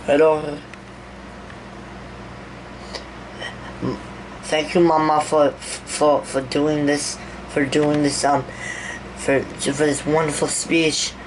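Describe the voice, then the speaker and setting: A woman's voice: low voice, flat delivery, takes it slowly, recorded from a distance, noisy background. A woman voicing a grieving young man who gives a rambling, stammering eulogy in a homemade toy-figure animation. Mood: stammering, sad. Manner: stammering, repeats words, rambling. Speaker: eulogy speaker.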